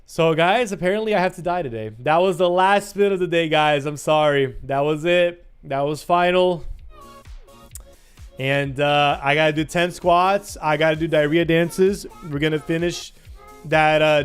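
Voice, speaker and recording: A man's voice: on the high side, normal speed, smooth, soft background music. A man livestreaming in a playful, teasing way, chatting to his audience and breaking into sing-song bits. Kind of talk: casual chat to a live stream audience.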